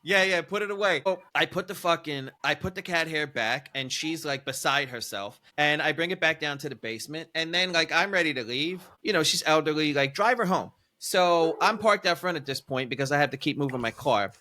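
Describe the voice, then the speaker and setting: A man, a podcast co-host telling a wild story in animated, profane, incredulous casual chat. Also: a little high, fairly quick, few pauses.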